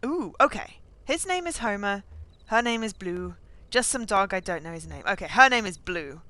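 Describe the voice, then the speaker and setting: A woman voicing a weary older male gas station attendant in a put-on rural truck stop accent, reading game dialogue aloud in a folksy, unhurried way. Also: medium pitch, animated, pushed and bright, no echo.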